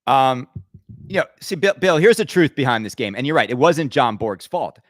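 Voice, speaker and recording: A man's voice: mid-range voice, very animated, moderate pace, no echo. Fired-up man ranting, dry close sound. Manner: emphatic and rambling, with frequent stammered restarts. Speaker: podcast host. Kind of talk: opinionated podcast rant.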